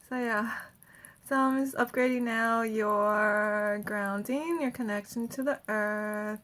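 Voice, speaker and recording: A woman's voice: medium pitch, steady tone, slow, a bit bright. A woman energy healer giving a casual guided healing talk, chatty and laughing often between phrases.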